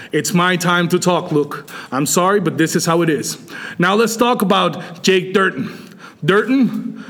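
A man's voice: high-pitched, a bit bright. Irate man cutting a wrestling promo. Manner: irate, taunting, insistent. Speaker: wrestling champion guest. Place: bar and grill.

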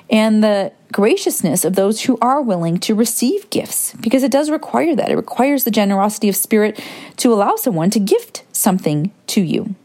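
A woman hosting a reflective solo podcast, talking in a gentle, musing way and wandering into asides. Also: medium pitch. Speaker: podcast host.

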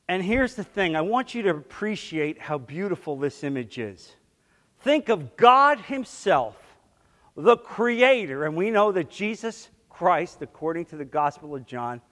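Male pastor, high voice, emphatic sermon delivery, long hall reverb. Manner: emphatic, swings between loud bursts and soft asides.

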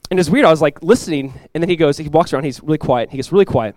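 A young man preaching a sermon as a pastor, telling stories in a casual, animated way with many asides. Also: a little high, rapid-fire, dry recording.

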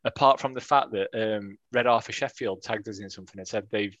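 A man's voice: on the low side, brisk, a bit bright, no room sound, lo-fi sound. A man co-hosting a podcast, chatting and joking with many restarts. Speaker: podcast co-host. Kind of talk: casual chat.

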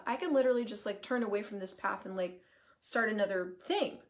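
Woman, live-stream host, chatty, emphatic, casual swearing, middle pitch. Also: fairly quick. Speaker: certified facilitator hosting a live video.

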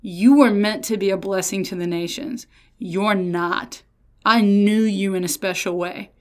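A woman voicing God as a relaxed, slangy adult man who stays patient and firm. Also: mid-range voice, measured pace, natural voice. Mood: calm, firm. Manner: easygoing slangy talk. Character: casual laid-back God, adult male, patient.

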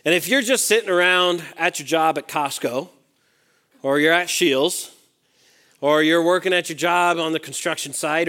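A man preaching a sermon to young adults, reading scripture aloud and swinging between emphatic peaks and hushed asides. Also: fairly high pitch. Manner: reads scripture aloud and acts out the quoted lines.

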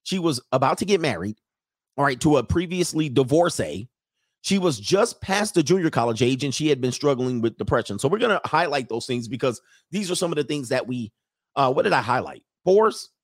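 A man hosting a casual live commentary stream, loud and joking, with slangy asides and drawn-out exclamations. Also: medium pitch, big pitch swings, no room sound, studio quality. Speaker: livestream commentary host.

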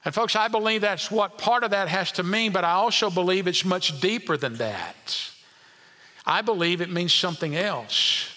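A male pastor preaching a sermon, dropping to quiet asides and climbing to emphatic points while questioning the congregation. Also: high-pitched, expressive, normal speed, big-room sound.

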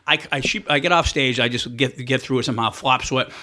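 A man's voice: medium pitch, slight background noise. A man, a stand-up comedian, telling a story in a casual podcast chat, full of fillers and restarts. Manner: animated, fast anecdotes with many fillers.

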